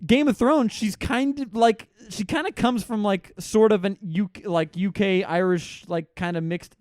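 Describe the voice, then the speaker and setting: A high-pitched male podcast co-host picking apart a film in loose chat. He is blunt and swears freely, laughing at his own jabs. His voice is recorded dry and close. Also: unhurried, darkish tone, dry recording. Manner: blunt, profane, laughs often. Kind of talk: casual movie review chat.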